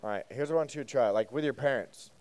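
A man's voice: medium pitch, fast, a little mellow. A man, a youth pastor, giving a casual sermon to a group, asking them questions and joking between points. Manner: conversational, asks the group questions, joking asides.

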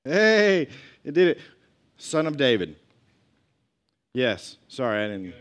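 A man's voice: medium pitch, expressive, a little slow. A man teaching a Bible lesson to a group in a conversational way, reading scripture and adding asides and questions.

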